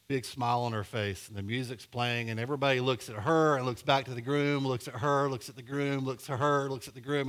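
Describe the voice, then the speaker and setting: A middle-aged male pastor preaching a sermon, telling a story with a voice that goes from hushed and low to loud and emphatic.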